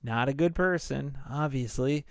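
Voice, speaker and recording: A man's voice: mid-range voice, a little slow, gravelly, clear, resonant tone, no echo, studio quality. A man hosting a podcast, loosely retelling a movie plot in a rambling, casual way with plenty of swearing. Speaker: podcast host.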